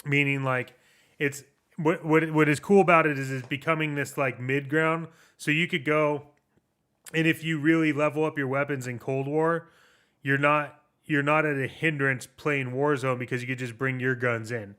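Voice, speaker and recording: A man co-hosting a gaming podcast with a bright, crisp voice. He rambles loosely, circles back to restart sentences and drops casual swear words. His talk is relaxed and chatty. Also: fairly high pitch, normal speed. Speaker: podcast co-host. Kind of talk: casual chat about video games.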